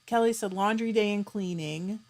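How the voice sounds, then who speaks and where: A woman hosting a casual live stream. She reads out viewers' comments, chats back to them and keeps clearing her throat. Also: medium pitch, normal speed. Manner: chatty, reads out comments and answers them warmly. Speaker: livestream host.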